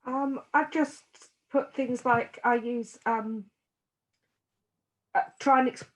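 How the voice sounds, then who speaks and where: A woman on a video call sharing her notes in a hesitant, halting way. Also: fairly high pitch, fairly even intonation, fairly bright tone, poor audio. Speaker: workshop participant.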